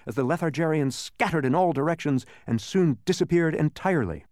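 A man narrating a children's storybook with expressive storytelling. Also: a little high, brisk, few pauses, dry recording, clean studio sound. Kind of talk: audiobook narration.

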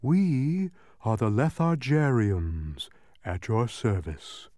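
A man voicing tiny drowsy creatures that yawn and drawl slowly through every word. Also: mid-range voice, sing-song, mellow, no echo, studio quality. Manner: slow, drawn-out, yawning delivery. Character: tiny drowsy yawning creatures, sluggish and dull.

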